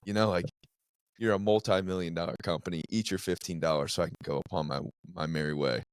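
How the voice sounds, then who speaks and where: A man with a very deep voice hosts a podcast and talks casually about police work. His speech is relaxed and unhurried, and it sounds dry and close to the mic with almost no room echo. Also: clear, resonant tone. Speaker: podcast host, police officer. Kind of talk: casual interview chat.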